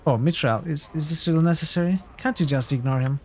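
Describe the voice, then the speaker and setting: A man's voice: on the high side, quick pace, darkish tone, close to an everyday voice. A man voicing a worried young noblewoman who pleads hesitantly.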